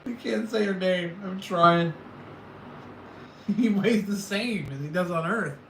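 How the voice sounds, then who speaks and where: Rambling livestream host from California. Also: male voice, high voice, slow, fairly bright tone, a little hiss or hum. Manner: rambling, joking with the chat. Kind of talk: casual livestream chat. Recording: echoey room with faint ambience.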